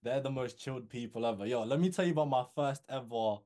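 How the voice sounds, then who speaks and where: A young man recounts an experience in an easygoing chat, lively and animated as the story unfolds. His voice sits at an ordinary middle pitch, and he sprinkles his talk with "bro" and "yo". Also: quick pace. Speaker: guest copywriter.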